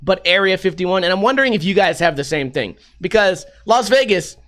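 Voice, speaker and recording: A man's voice: high voice, lively intonation, fairly quick, fairly bright tone. A man hosting a podcast, rambling through a casual, sarcastic and profane monologue. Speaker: podcast host.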